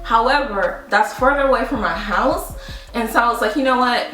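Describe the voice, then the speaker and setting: A woman's voice: on the high side, normal speed. Chatty young woman vlogger in echoey room. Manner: animated storytelling with laughs, addresses viewers as "you guys". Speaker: beauty vlogger. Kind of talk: casual chatty product review. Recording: roomy, distant mic with faint music.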